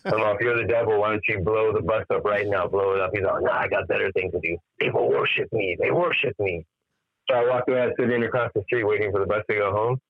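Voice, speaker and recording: A tired musician guest, up all night, tells a strange story in a casual phone interview, swearing freely and acting out the dialogue. His voice is fairly low and steady, his pace quick, over a dry, tinny line with no echo.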